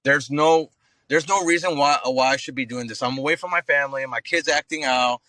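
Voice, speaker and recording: A man in his thirties with a bright, forceful voice, swapping stories on a podcast. He talks in a slangy, profane, animated way and throws in "bro" constantly. The sound is close and dry. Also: mid-range voice, fairly quick, no echo, poor audio. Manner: animated storyteller acting out voices. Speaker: guest, active-duty Marine staff sergeant. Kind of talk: casual podcast storytelling.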